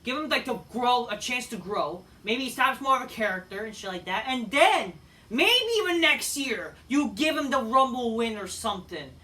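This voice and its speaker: A woman's voice: a little high, big pitch swings, moderate pace, bright, forceful tone, recorded from a distance. A woman giving a heated, profane ranting review as a wrestling show host.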